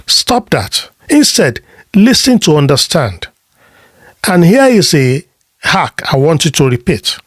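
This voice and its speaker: Slow, emphatic male advice coach. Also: on the high side, very animated, dry recording, clean studio sound. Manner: deliberate, emphatic short phrases with rhetorical questions; repeats words when he restarts a thought. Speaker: relationship coach. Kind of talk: motivational advice talk.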